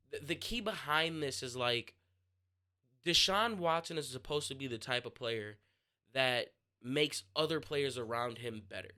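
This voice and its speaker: A young man hosting his own sports podcast, talking casually and answering listener questions, pausing and restarting mid-thought as he works out what he wants to say. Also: mid-range voice, bright, forceful tone. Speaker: podcast host.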